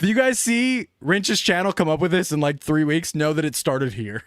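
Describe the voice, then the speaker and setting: An excitable young man streaming live, talking casually and laughing often. His voice sits high and swings widely. The sound is close and dry. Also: unhurried, dry recording.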